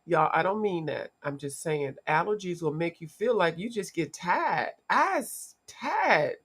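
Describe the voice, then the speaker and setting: A woman with a husky, lowish voice speaks at a moderate pace while hosting a casual livestream. Allergies have her congested, pushing her voice deep, and she chats with viewers by name.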